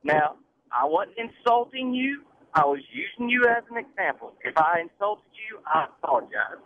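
Defensive caller on a tinny phone line. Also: male voice, high voice, sing-song, moderate pace. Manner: defensive, repeats himself while trying to get a word in. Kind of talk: heated call-in argument.

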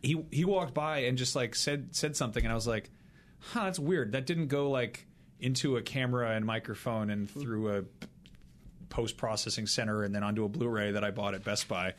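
A man's voice: mid-range voice, steady tone, brisk, a little hiss or hum. A man co-hosting a games podcast, ranting animatedly in casual chat. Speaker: podcast co-host.

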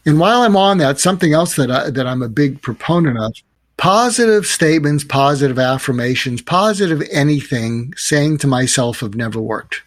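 A man's voice: fairly high pitch, lively intonation, moderate pace, dry recording. A man, a podcast guest, telling stories and giving advice in an earnest, reflective way. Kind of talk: conversational storytelling.

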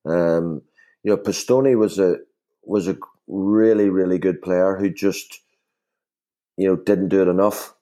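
Deep mellow-voiced man. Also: steady tone, measured pace. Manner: rambling with many fillers and restarts. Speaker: former footballer guest. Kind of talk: casual podcast chat.

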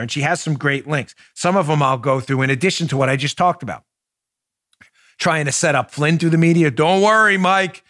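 A man hosting a political podcast, talking in a sarcastic, mocking way with loud bursts and muttered asides. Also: fairly high pitch, no room sound, studio quality. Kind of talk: opinionated solo commentary.

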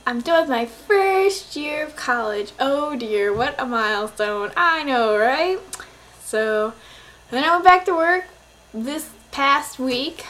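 A woman's voice: sits high, fairly bright tone. A nineteen-year-old woman vlogging, chatty and rambling with lots of "like" and giggles. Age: young adult. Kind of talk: casual chat to camera.

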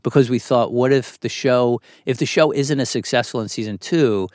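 A man's voice: medium pitch, moderate pace, darkish tone, no room sound, clean studio sound. A middle-aged man, a TV writer and producer, telling a long story as a podcast guest. He talks candidly, swears freely and acts out the people he quotes. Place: studio.

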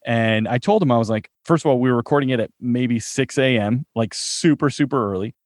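Chatty, animated storyteller man. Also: medium pitch, brisk, no echo. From Chicago suburbs, US Midwest. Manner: animated storyteller, laughs while talking. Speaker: actor, interview guest. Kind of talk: casual interview.

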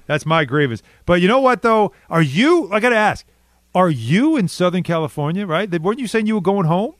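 A man hosting a sports radio show in casual, animated banter, with a New York accent. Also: high voice. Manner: animated, quick banter with co-hosts. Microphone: studio microphone.

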